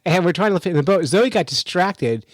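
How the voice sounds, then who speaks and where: A man hosting a fishing podcast, telling a story in an animated, chatty way and reading news out with his own remarks. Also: sits high, brisk, no echo, rough recording. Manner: animated, chatty, laughs while telling stories. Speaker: podcast host. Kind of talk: casual storytelling and news commentary.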